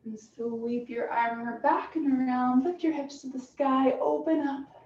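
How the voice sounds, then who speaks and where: A woman fitness instructor calmly cueing a stretching class with encouraging guidance. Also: sits high, a little slow. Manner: calm, encouraging cueing with soft breathy asides. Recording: roomy, distant, dull sound with faint hiss.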